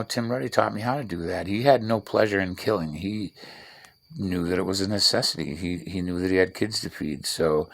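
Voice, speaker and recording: Gravelly profane middle-aged man. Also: deep voice, fairly bright tone. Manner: profane, blunt storyteller; talks while working with tools. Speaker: vlogger. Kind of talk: rambling casual monologue.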